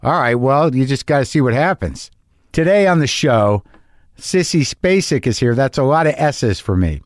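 A man's voice: mid-range voice, animated, moderate pace, no echo, clean studio sound. A middle-aged man hosting his podcast in a rambling, profane, self-deprecating monologue, with a slight lisp. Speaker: podcast host. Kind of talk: casual monologue.

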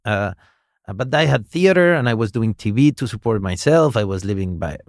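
Low-voiced man. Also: brisk, dry recording, clean studio sound. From Mexico. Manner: relaxed and reflective, hesitant restarts. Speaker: actor guest. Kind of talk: casual interview chat.

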